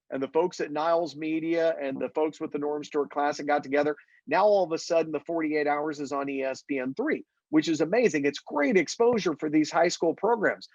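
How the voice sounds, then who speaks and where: A play-by-play announcer from Missouri, with a fairly high voice, chats in a casual interview captured in a dry recording with the highs cut off. He's an animated storyteller who acts out the people in his stories.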